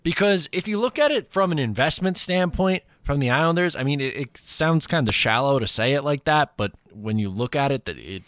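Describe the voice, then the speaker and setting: A man's voice: fairly high pitch, lively intonation, a little fast, hardly any pauses, fairly bright tone, no room sound, studio quality. A man co-hosting a casual sports podcast, steadily explaining and moving each segment along. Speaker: podcast co-host.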